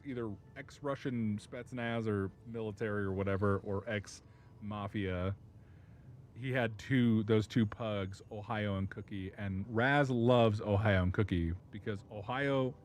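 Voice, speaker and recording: Guy on stream rambling about his dogs, laughs a lot, swears a ton. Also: medium pitch. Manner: laughing, profane, rambling storytelling. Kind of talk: casual chat.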